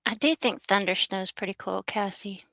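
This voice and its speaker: Gravelly-voiced woman co-hosting a stream. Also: mid-range voice, moderate pace, no room sound. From Texas. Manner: relaxed, laughs easily, short replies. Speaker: livestream co-host. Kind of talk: casual morning livestream chat.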